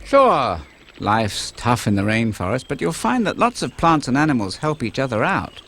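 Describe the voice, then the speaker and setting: A man's voice: mid-range voice, very animated, normal speed, fairly bright tone. A man narrating a kids' wildlife program in a jokey, playful way. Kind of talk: scripted wildlife narration for kids. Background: music.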